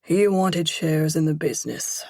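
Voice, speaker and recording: A woman voicing a calm, cynical man. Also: sits low, measured pace, dry recording. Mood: wry. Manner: wry, detached. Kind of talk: audiobook narration.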